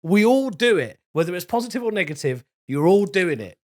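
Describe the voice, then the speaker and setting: Blunt man, animated podcast chat. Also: high voice, a little fast. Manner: blunt, frank. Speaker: comedian, podcast co-host.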